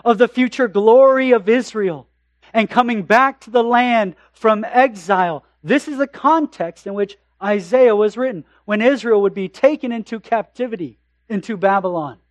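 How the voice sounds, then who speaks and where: A man with a notably high voice preaches a sermon. He builds emphasis with repeated phrases and slows for scripture readings. The recording is close and dry. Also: no echo. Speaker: pastor.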